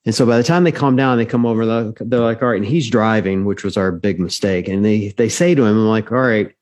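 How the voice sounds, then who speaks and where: This is a man in his forties with a somewhat low voice, telling an anecdote at an easy pace. He fills his pauses with "um". His humor is dry and deadpan, and the whole thing sounds like a casual podcast conversation. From United States. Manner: laid-back, dry humor, frequent "um". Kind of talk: casual storytelling chat.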